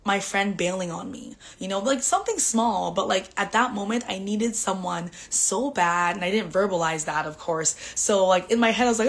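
A woman's voice: medium pitch, a little fast. Candid, chatty woman host. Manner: candid, emotional, chatty, with frequent "like" fillers. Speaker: podcast host. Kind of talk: personal storytelling monologue.

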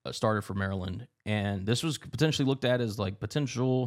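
A man's voice: mid-range voice, a little fast. A man co-hosting a casual sports podcast, running through rankings like a broadcaster. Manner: rattles off lists like a broadcaster. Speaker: podcast co-host.

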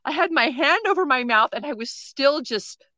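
Bright-voiced, laughing woman storyteller. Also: sits high, moderate pace, no echo. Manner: animated storyteller, laughs often. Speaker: podcast co-host. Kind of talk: casual storytelling chat.

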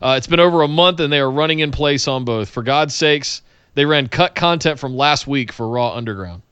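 Bright, crisp-voiced man co-hosting. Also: medium pitch, a little fast, no echo. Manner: jokey, laughs easily, reads viewer messages. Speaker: podcast co-host. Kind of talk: casual wrestling recap chat.

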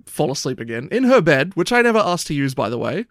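Fast-talking gravelly man. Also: a little high, sing-song, a bit bright, dry recording, clean studio sound. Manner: rambling anecdote, frequent swearing and "like". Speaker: storyteller. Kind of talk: casual chat.

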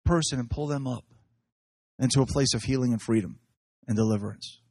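A man preaching, telling excited stories from his services and often laughing as he talks. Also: medium pitch, fairly quick, husky, no room sound, clean studio sound. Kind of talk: animated sermon storytelling.

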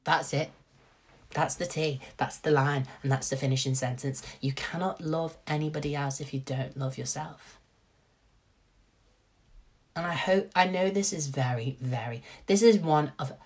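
Young guy rambling on his own podcast, kinda husky and breathy, swears a lot, keeps doing little voices for his mates. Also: mid-range voice. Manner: animated, swears freely, acts out friends' voices. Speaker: podcast host. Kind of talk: casual solo podcast talk.

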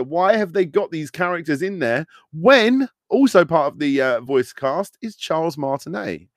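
A man's voice: a little high, animated, moderate pace, hardly any pauses, dry recording, studio quality. A man in his thirties, a podcast host ranting animatedly in casual chat, with many fillers.

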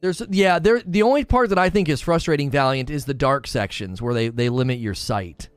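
A man's voice: medium pitch, a little fast, smooth, dry recording. Earnest man chatting over faint music. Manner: earnest, openly emotional, repeats himself. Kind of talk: casual chat.

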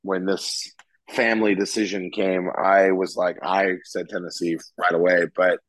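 A man co-hosting a casual chat, animated and quick to laugh. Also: low voice, no echo, low-quality recording. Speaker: podcast co-host. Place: California.

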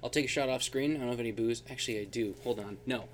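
A man's voice: mid-range voice, rapid-fire. Man, livestream co-host, goofy teasing banter, slight background hum. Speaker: podcast co-host. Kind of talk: casual livestream chat.

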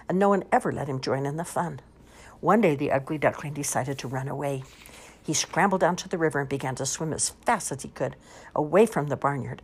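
Husky woman reading storybooks aloud. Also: low voice. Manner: expressive, lively storytelling. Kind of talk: animated storybook read-aloud.

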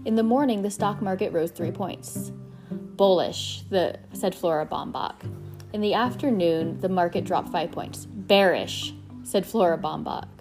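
A woman reading a children's novel aloud in a steady, unhurried storytelling voice. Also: lowish voice, music in the background. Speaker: reader.

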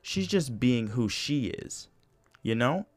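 Slow and animated, a young man's mid-range voice carries his solo podcast in a dry recording. He talks casually and profanely, rambling with plenty of "you know" and false starts.

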